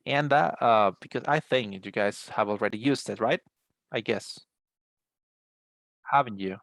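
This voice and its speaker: A man's voice: fairly low pitch, unhurried, a bit bright, no echo. A man giving an English class over a video call, explaining patiently with many fillers and restarts. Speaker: English teacher. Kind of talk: online class instructions.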